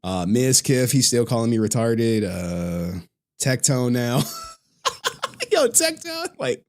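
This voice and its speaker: A man's voice: mid-range voice, unhurried, a little mellow. A man chatting casually on a live stream, loose and profane, laughing often and reading out chat messages.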